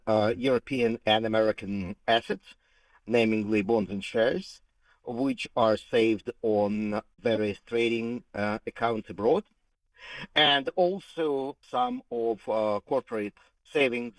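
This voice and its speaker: A man's voice: mid-range voice, no room sound, poor audio. Hesitant man explaining finance, dry sound. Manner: hesitant, many "uh" fillers, careful explaining. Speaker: economist guest. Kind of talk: explanatory interview answer.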